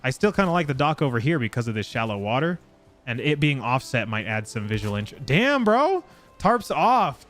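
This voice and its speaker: A male game streamer chatting casually with his chat as he plays. He gets excitable and swears freely, and his voice sits at an ordinary middle pitch. Faint game music plays underneath. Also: quick pace. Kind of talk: casual live gameplay chat.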